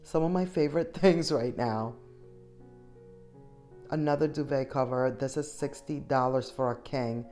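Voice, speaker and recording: Chatty low-voiced woman, faint music behind. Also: a little slow, long pauses, dark tone. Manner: chatty, enthusiastic, addresses viewers directly. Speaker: shopping vlogger. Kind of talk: casual shop-with-me voice-over.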